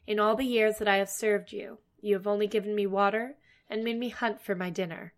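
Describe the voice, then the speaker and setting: A woman voicing a calm, loyal black cat in a storybook reading, speaking unhurriedly. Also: medium pitch, brisk, close to an everyday voice.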